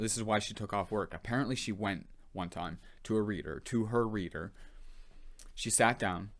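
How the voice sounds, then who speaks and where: A man in his thirties with a slightly low voice, telling a story casually. He rambles, restarts his sentences and leans on "like" all the way through. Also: a bit bright. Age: 30s. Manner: rambling, loose, full of "like" and restarts. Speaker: vlogger.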